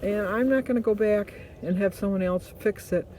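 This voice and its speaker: Woman, vlog host, mellow warm tone, casual motivational chat, rambling, self-correcting. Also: mid-range voice, moderate pace, slight background noise.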